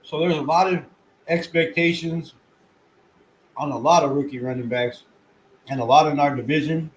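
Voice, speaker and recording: Chewing now and then as he goes, a man covers football on his own fan channel with rambling excitement and loose swearing. He speaks at a moderate pace in a voice slightly high for a man, over the faint hiss of a low-quality home recording.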